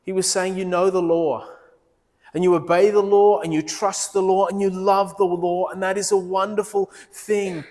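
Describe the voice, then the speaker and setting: A man's voice: level tone, moderate pace. Man preaching in a reverberant church hall. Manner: earnest, drops low and soft when quoting Jesus. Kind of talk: sermon. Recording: long reverb of a large hall.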